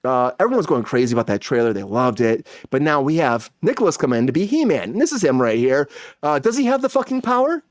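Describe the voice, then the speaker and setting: A man hosting a casual pop-culture podcast, ranting excitedly and swearing constantly. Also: mid-range voice, fast talker, no room sound, clean studio sound. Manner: excitable, profanity-heavy ranting. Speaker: podcast host.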